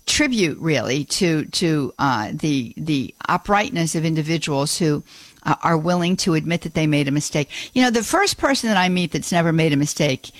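A woman's voice: low voice, lively intonation, normal speed, dry recording. A woman hosting a Catholic call-in radio show, folksy and exclamatory as she responds to callers. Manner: warm-hearted, exclamatory, folksy.

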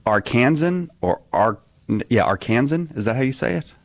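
A man's voice: medium pitch, lively intonation, brisk, vocal fry, no echo. A man sitting in as host of a call-in show, chatting casually and joking at his own expense, often laughing. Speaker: guest host. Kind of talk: casual radio call-in chat.

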